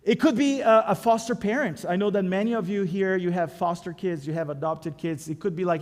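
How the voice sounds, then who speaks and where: A man's voice: sits high, brisk, few pauses. A man preaching as a pastor in a conversational, storytelling way, with self-deprecating humor. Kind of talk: sermon. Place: church sanctuary. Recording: echoey church hall.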